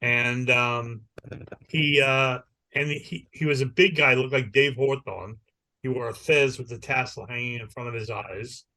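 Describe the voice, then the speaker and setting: Bright-voiced man spinning a rambling story. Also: mid-range voice, unhurried. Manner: rambling animated storyteller who acts out the people he quotes. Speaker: podcast co-host. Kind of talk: casual chat.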